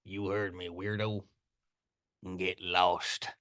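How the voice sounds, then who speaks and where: A man reading a gruff carnival attendant. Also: low-pitched, little pitch movement, takes it slowly, fairly bright tone, dry recording, clean studio sound, pitched below the performer's own voice. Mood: dismissive. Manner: gruff and dismissive. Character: surly male carnival booth attendant. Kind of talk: amateur script read-through.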